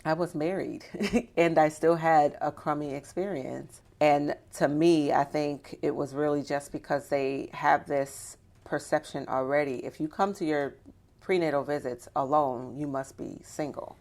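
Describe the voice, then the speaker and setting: A woman's voice: deep voice, fairly even intonation, unhurried, a little mellow. A woman, a doula, telling her own story candidly in an interview, in a conversational way with frequent fillers.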